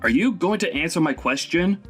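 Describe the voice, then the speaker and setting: A man's voice: fairly high pitch, animated, moderate pace, fairly bright tone, husky, faint music behind. A man voicing an angry young adult son who accuses and scolds in an exasperated way. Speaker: son and husband.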